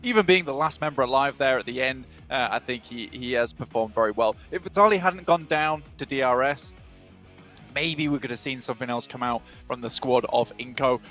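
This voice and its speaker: A man casting an esports match in a measured, chatty way, with many ums and uhs. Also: mid-range voice, fairly bright tone, faint music behind. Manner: measured, conversational, with fillers. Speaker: caster. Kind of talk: esports play-by-play commentary.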